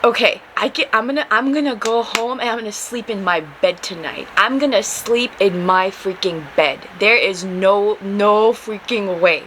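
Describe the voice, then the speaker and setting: Animated young woman telling a story. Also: a little high, normal speed, few pauses, a little hiss or hum, rough recording. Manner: animated, swears, acts out quotes. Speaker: podcast host. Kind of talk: casual storytelling.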